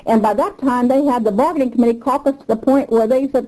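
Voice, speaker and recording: Older woman interviewee, mellow, a touch high; emphatic, repetitive storyteller who gets revved up. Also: quick pace, hardly any pauses, poor audio. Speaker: union member interviewee. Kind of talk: oral history interview.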